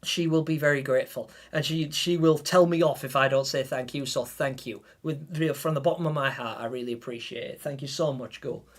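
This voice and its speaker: A man's voice: medium pitch, steady tone, brisk, hardly any pauses. A man livestreaming a game, thanking viewers in a heartfelt, stammering, emotional way. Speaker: gaming livestreamer. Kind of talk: live-stream chat with viewers.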